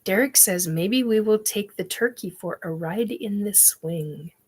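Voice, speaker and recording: Slow, rambling woman livestream host. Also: mid-range voice, slightly rough. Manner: slow, rambling, with many ums and laughs. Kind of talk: casual live chat reading comments.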